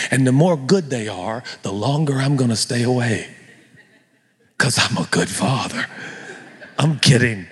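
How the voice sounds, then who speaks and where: A middle-aged man preaching a sermon as pastor, animated and joking in a conversational way. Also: mid-range voice, normal speed, husky, big-room sound.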